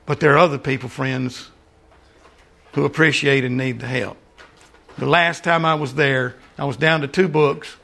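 Gravelly older preacher. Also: male voice, medium pitch, steady tone, normal speed. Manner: earnest, repeats "friends", drops to soft asides. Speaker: lay preacher. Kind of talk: sermon and prayer.

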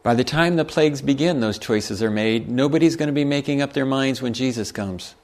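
A man's voice: medium pitch, fairly quick, darkish tone. Man preaching with folksy asides. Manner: reads scripture then explains with folksy asides and chuckles. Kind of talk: sermon.

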